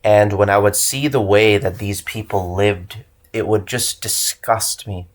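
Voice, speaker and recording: A man's voice: on the low side, steady tone, a little slow. A young man delivering an earnest preaching monologue, exhorting listeners and stressing lists of single words. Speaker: religious channel host.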